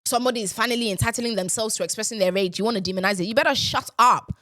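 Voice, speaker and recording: A woman's voice: on the high side, rapid-fire, pushed and bright, no room sound, clean studio sound. A young woman, hosting a podcast and ranting in an exasperated, repetitive way. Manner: exasperated, ranting, repeats herself. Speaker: podcast host. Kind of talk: casual ranting monologue.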